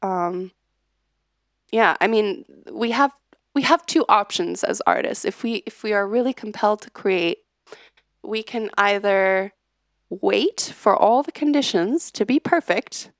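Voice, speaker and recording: A woman's voice: mid-range voice, lively intonation, unhurried, dry recording, clean studio sound. A woman streaming live as a musician, chatting casually with many fillers and restarts. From United States. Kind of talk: casual livestream chat.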